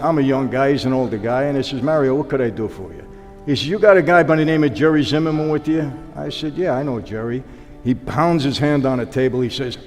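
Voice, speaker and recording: A man, a guest telling long stories and acting out the dialogue of the people in them. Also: medium pitch. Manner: animated storyteller acting out quoted dialogue. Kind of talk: storytelling interview. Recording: long hall reverb with background music.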